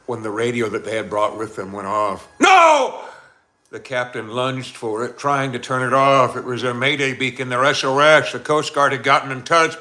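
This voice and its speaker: A man hosts a live stream and narrates a suspenseful tale with a dramatic, building delivery. His voice is bright and forceful, and he breaks off for chatty asides to his viewers. The pitch of his voice sits in the middle range. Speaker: storyteller and channel host.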